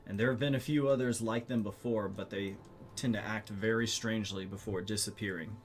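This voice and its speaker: A man voicing a polite, gentle male shopkeeper in a tabletop game, courteous and grave when the talk turns serious. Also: on the low side, fairly even intonation, a little fast, close to an everyday voice.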